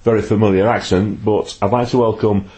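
A man's voice: fairly low pitch, fairly even intonation, brisk, a little mellow. A man hosting a podcast, interviewing a guest in a jokey, chatty way with fillers. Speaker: podcast host.

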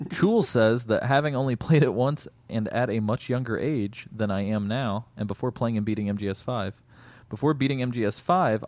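A man's voice: fairly low pitch, a little mellow, no echo. Laid-back man on a dry mic. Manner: laid-back, many fillers, laughs easily. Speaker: podcast co-host. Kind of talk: casual podcast chat.

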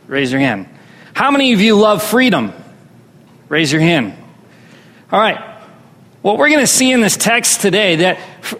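In a hall with long reverb, a man preaching as pastor draws call-and-response from his congregation. He has a high, slightly bright voice.

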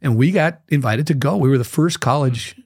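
A man guesting on an interview, telling a story with lively energy and scatting out the rhythms he describes. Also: medium pitch, fairly quick, husky, no echo, studio quality. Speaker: guest musician.

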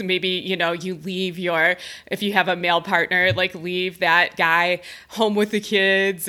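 A woman's voice: medium pitch, sharp tone. A young adult woman hosting a podcast, telling a personal story in a chatty way, laughing often and filling her talk with "like". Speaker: podcast host and breathwork facilitator. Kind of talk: casual storytelling monologue.

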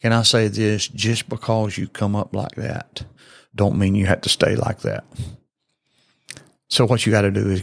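A man's voice: fairly low pitch, level tone, normal speed, gravelly, dry recording, studio quality. A man, hosting a podcast and preaching in an earnest, folksy, repetitive way with many fillers. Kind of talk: sermon-style podcast talk.

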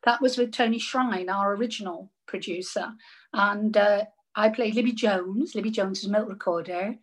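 An older woman, a radio actress, telling lively anecdotes in casual chat and laughing often. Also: mid-range voice, normal speed.

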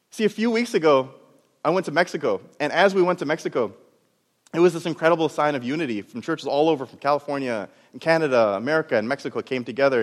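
Man telling a story in a big echoing hall. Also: fairly high pitch. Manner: storytelling, animated, laughs at himself. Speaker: doctor and preacher. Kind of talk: sermon testimony. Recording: long hall reverb.

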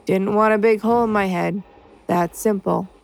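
An actress voicing a sullen undead female soldier who answers her commander flatly in an audio drama. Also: mid-range voice, normal speed, creaky, close to an everyday voice. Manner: flat, unapologetic replies.

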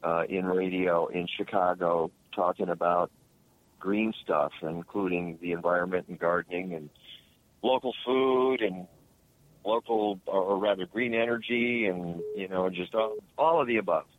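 A man's voice: sits low, steady tone, moderate pace, dry recording. Middle-aged male radio host, casual rambling chat, phone-line sound. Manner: rambling, many restarts and fillers. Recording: dry tinny phone line.

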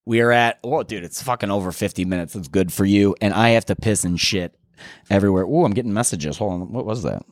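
A young man hosting a solo podcast, chatting in a rambling, profane, excitable way. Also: medium pitch, no echo, studio quality. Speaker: podcast host. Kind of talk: casual solo podcast chat.

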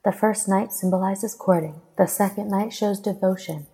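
A woman voicing a brisk young priestess who recites ritual lore in a prim, instructive way. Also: medium pitch, creaky, warm tone, husky, in a large hall, poor audio.

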